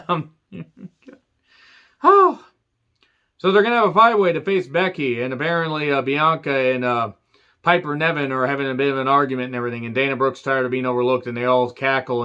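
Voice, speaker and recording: Man, angry sarcastic rant, constant swearing, higher voice, dull lo-fi sound. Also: a bit bright. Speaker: wrestling show reviewer. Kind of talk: profane ranting commentary.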